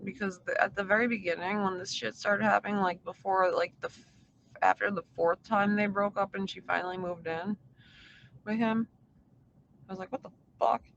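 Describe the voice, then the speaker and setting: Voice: medium pitch, fairly even intonation, moderate pace, gravelly, fairly bright tone, highs cut off, slight background noise. A livestreamer talking to their chat in a casual, meandering way, swearing often and full of fillers. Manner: profane, filler-heavy, meandering. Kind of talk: casual rambling stream chat.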